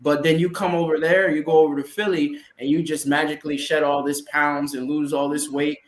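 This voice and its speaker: A man co-hosting a podcast, telling sports stories in a lively way and acting out what others might say. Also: fairly high pitch, a little fast. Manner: animated storyteller who acts out quotes. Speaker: podcast co-host. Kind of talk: casual sports chat. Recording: echoey room with faint noise.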